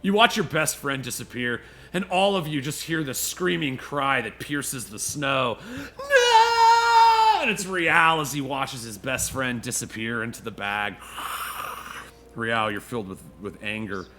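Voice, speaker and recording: A man's voice: medium pitch, unhurried, sharp tone. A man narrating as game master of a tabletop game, in a loose, easygoing way with lots of "you know".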